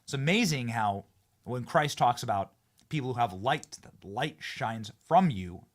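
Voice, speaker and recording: A man hosting a political commentary show, animated and mocking, swinging between shouting and muttering. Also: medium pitch, unhurried. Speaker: show host.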